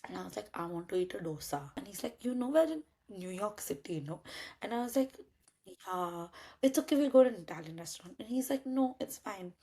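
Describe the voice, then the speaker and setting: A woman's voice: mid-range voice, animated, a little fast, dark tone. A young woman from India, telling a dating story in casual chat, acting out both sides of the dialogue and swearing casually. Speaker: podcast host telling a story.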